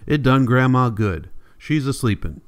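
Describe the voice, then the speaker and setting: A man's voice: medium pitch, lively intonation, measured pace, clean tone, lightly acted. A man reading the part of an anxious young country girl in an audiobook, plaintive in tone.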